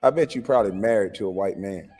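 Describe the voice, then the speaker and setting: A man with a husky, mellow voice that swings lively up and down in pitch as he asks one incredulous question after another. He sounds like a livestream host lecturing his chat, recorded with a long reverb tail and faint music underneath. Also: fast talker. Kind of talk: casual reaction commentary.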